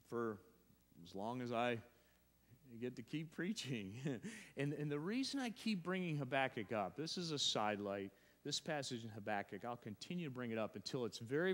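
A man's voice: medium pitch, a bit bright. A male pastor preaching a sermon, emphatic and repeating phrases, often restarting his sentences. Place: church sanctuary. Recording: long church reverb.

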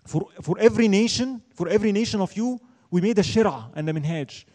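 A man teaching a religion class in an emphatic lecturing style, often asking a question and answering it himself. His voice sits high for a man but sounds dark and mellow in tone. He recites Arabic verses at a quick clip. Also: expressive. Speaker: Islamic studies teacher.

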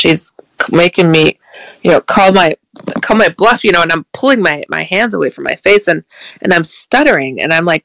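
Animated, gravelly woman telling a story. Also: lowish voice, normal speed, dry recording, poor audio. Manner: animated, stutters, laughs often. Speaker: interview guest. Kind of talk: personal storytelling.

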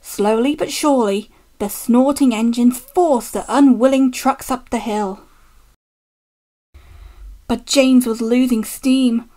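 A woman reading a children's storybook aloud, gentle and unhurried. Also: a little high.

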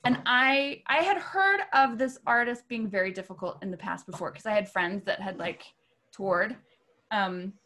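A woman's voice: medium pitch, moderate pace, sharp tone. A woman who works as a music arranger, telling a story in an interview in a chatty way and laughing often. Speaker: music arranger and vocal clinician. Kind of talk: casual interview talk.

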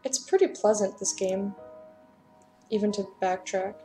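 A woman's voice: medium pitch, unhurried, mellow, faint music behind. A woman casually commenting on a story game while she plays, chatty and self-deprecating, and reading its dialogue aloud. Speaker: let's play gamer.

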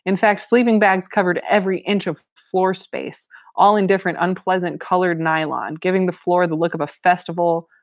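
A woman's voice: fairly low pitch, steady tone, moderate pace, hardly any pauses, no echo. A woman reading a novel aloud with casual commentary, breaking in with wry asides and frequent laughs. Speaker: reader and commentator.

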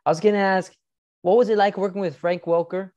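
A man's voice: high voice, steady tone, brisk, darkish tone, dull audio. A young man hosting a casual interview, eager and admiring, often restarting his sentences. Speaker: interview host.

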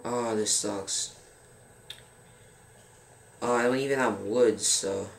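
Teen male gaming host, unhurried and rambling, roomy sound with faint hiss. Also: on the low side, steady tone, gravelly. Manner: frustrated, rambling, fills pauses with um. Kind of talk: casual gameplay commentary. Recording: roomy with faint background noise.

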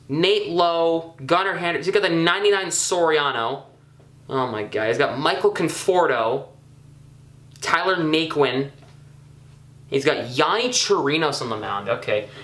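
A young man casually commenting on his own gameplay, chatty and excitable, scolding himself with frequent ums and uhs. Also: fairly high pitch, a little slow, echoey room. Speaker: gaming YouTuber.

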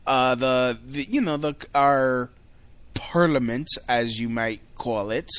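A man's voice: mid-range voice, slow pace, clean tone, dry recording. An American man hosting his own show, talking in a casual, rambling rant full of fillers, restarts and swearing. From United States. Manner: rambling, filler-heavy, profane. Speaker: podcast host.

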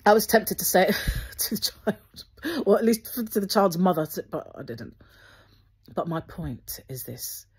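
Woman host, low-pitched and breathy, speaks earnestly and gently to her viewers. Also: sing-song, a little slow. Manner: earnest and gently instructive, with frequent restarts. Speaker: Christian video host. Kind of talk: spoken encouragement to viewers.

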